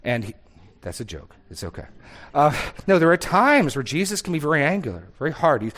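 A man's voice: fairly high pitch, sing-song, a little fast, a bit bright. A man preaching a sermon, earnest and emphatic, reading scripture aloud with rising force. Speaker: pastor.

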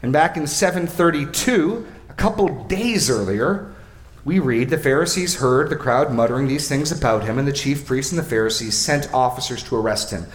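Preacher teaching a passage in an echoey room. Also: male voice, medium pitch, lively intonation, normal speed. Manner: expository, asks questions, repeats phrases for emphasis. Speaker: pastor. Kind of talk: sermon.

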